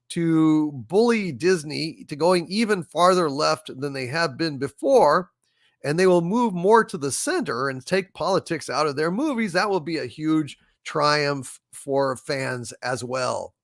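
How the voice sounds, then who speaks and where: A man hosting a casual livestream, reading viewer chats aloud and thanking viewers, effusive and apologetic, often halting with fillers. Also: a little high. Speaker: livestream host. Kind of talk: casual live chat, reading super chats.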